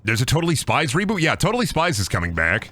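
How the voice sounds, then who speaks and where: A young man rambles and jokes while streaming a game, giving casual let's-play commentary. His mid-range voice is quick and animated, with no room sound.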